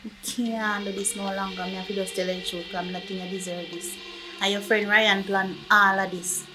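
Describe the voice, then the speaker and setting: A woman's voice: mid-range voice, little pitch movement, a little fast, over music, natural voice, low-quality recording. A woman with a Jamaican accent playing a remorseful young woman who confesses a deception and begs forgiveness. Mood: confessing. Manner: pleading, apologetic. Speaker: actor in a film. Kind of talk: low-budget film acting.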